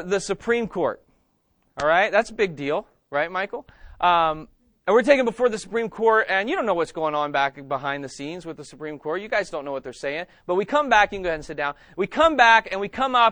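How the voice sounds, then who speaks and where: A man's voice: high voice, fairly quick, no echo. A man, preaching a sermon as pastor in a church and putting questions to the congregation. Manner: animated, asks the congregation questions.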